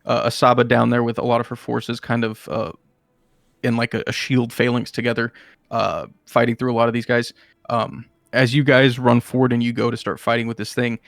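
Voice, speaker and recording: A man's voice: medium pitch, gravelly, no echo, clean studio sound. A man narrating as game master of a tabletop game, rambling with many fillers and restarts.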